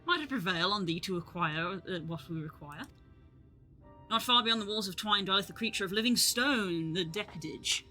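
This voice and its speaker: A woman's voice: mid-range voice, a little fast, bright, forceful tone, soft background music, natural voice. A woman voicing a verbose male scholar who talks in old-fashioned Shakespearean phrasing, reading game lines aloud. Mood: solemn.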